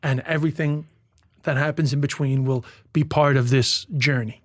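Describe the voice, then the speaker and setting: A male stand-up comedian from Ireland, telling stories fast in casual podcast chat and swearing freely. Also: medium pitch, steady tone, dry recording, studio quality. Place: tent.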